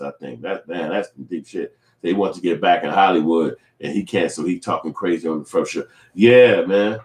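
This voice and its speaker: A vlogger with a lowish, darkish voice rambles through profane, casual commentary on a celebrity feud, acting out other people's voices along the way. The recording has a roomy echo.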